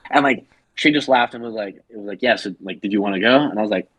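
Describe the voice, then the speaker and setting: A man's voice: fairly low pitch, fast, a bit bright, slightly rough, no echo, low-quality recording. A man on a podcast telling a long story in a casual, rambling way, full of fillers, and acting out the people he quotes. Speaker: podcast co-host.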